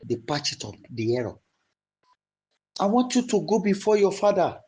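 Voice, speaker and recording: A man with a Nigerian accent, a pastor preaching and then leading the congregation in prayer, slow and deliberate, rising to shouts in prayer. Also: high voice, sing-song, poor audio. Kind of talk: sermon and led prayer.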